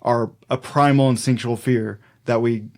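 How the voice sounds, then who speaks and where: A man co-hosts a folklore podcast in relaxed, unscripted chat. His pitch sits in an ordinary middle range, and he rambles through his notes with frequent fillers and easy laughs. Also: normal speed. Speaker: podcast co-host.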